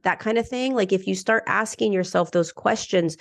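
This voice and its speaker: A woman's voice: medium pitch, normal speed, vocal fry. A middle-aged woman guesting on a podcast, talking in an earnest, reflective way and often restarting her sentences. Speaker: podcast guest, ascension teacher. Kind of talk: casual conversational interview.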